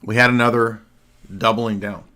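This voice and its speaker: A man hosting a livestream, delivering combative, sarcastic commentary and often clearing his throat. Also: fairly low pitch, flat delivery, normal speed, pushed and bright. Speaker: livestream host. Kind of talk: argumentative solo commentary.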